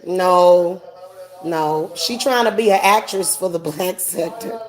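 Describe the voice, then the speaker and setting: A woman's voice: lowish voice, slow pace, a crowd in the background. A woman hosting a casual livestream rant, sassy and mocking, laughing often. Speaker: host.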